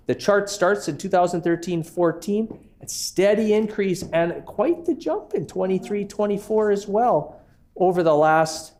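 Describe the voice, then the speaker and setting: A man's voice: high-pitched, a little mellow. A man with a Canadian accent, an education minister answering questions in a legislative committee, combative and sarcastic, often addressing the chair. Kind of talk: parliamentary committee debate. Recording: legislative room feed with faint noise.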